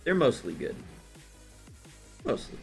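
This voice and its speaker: A man hosting a casual chat, telling a rambling, animated story with quick voiced asides. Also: faint music behind. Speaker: host.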